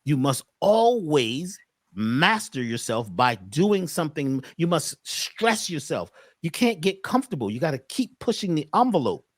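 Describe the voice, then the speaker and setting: A man's voice: on the high side, big pitch swings, a little slow, no room sound, clean studio sound. A man talking as a podcast guest, telling stories with rhetorical questions and slipping into acted voices. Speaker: podcast guest, mushroom teacher. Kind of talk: animated storytelling conversation.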